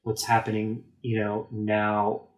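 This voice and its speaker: A man's voice: lowish voice, monotone, slow pace, echoey room. A man speaking earnestly and emphatically in a casual conversation. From United States.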